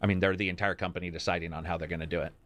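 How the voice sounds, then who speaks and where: A man's voice: sits low, rapid-fire. Chatty man hosting a game talk stream. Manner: rambling, animated, talks to chat. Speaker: host. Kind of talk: casual chat about video games.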